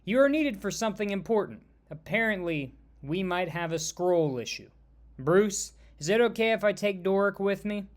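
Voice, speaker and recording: A man's voice: sits high, expressive, normal speed. A man reading a confident superheroine. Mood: brisk. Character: confident female space superhero.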